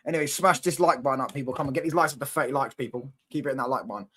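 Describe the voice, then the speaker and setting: A man's voice: medium pitch, very fast, a bit bright, slight background noise. A young man with a Manchester accent casually bantering with viewers on a football livestream, teasing and cocky, full of slang. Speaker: football channel host reading live chat.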